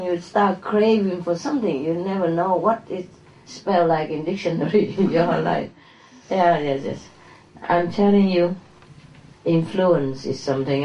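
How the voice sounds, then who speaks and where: A woman spiritual teacher lecturing her audience in a low, unhurried voice. She tells parables, laughs often, and teases her listeners with playful questions. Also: darkish tone, a little hiss or hum.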